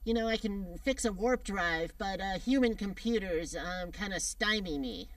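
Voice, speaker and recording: A man's voice: high voice, moderate pace, no room sound, far from the mic. A man playing a mild-mannered alien conqueror from space as a guest on a comedy interview show, talking hesitantly with many ums. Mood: deadpan. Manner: hesitant, deadpan, lots of ums and uhs. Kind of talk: comedy public-access interview skit.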